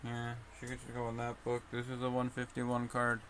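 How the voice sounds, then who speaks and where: A man's voice: mid-range voice, monotone, moderate pace, a bit bright, slight background noise. A young man streaming live, muttering anxiously to himself as he sorts through trading cards. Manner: mumbly, anxious, talking to himself while sorting cards. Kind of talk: casual live-stream chat.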